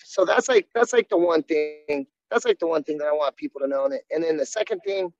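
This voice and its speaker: A man's voice: on the high side, a little fast. A man, a jiu-jitsu coach, talking candidly and earnestly in a casual interview, often restarting his sentences. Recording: dull, dry sound.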